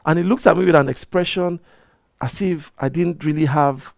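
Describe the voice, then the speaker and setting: A man, a reverend hosting his own program, telling a personal story in a casual, animated way and often restarting his sentences. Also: a little high, normal speed, gravelly, no room sound, studio quality. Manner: animated storyteller who gets heated and repeats himself. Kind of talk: casual talk-show monologue, personal storytelling.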